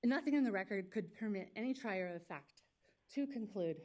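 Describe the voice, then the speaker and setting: A woman attorney speaking for a school district, giving a formal legal argument at a public hearing in a quick, pointed, argumentative way. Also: medium pitch, expressive, a little mellow. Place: public meeting hearing room.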